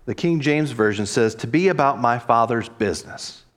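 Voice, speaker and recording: A man's voice: mid-range voice, expressive, moderate pace. A man, a pastor, delivering a reflective sermon and voicing quoted dialogue expressively.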